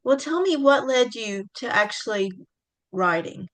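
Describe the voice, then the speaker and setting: A woman's voice: on the high side, lively intonation, measured pace. A woman hosting an interview, polite and welcoming as she introduces and questions her guest. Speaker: host.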